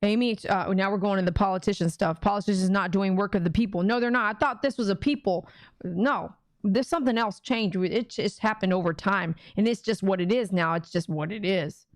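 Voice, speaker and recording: A woman's voice: medium pitch, a little fast, dry recording, studio quality. A woman hosting a casual livestream, reading viewer comments and answering them emphatically. She talks like a preacher and keeps humming "mm-mm" between points. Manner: emphatic and preachy, with frequent "mm-mm" hums.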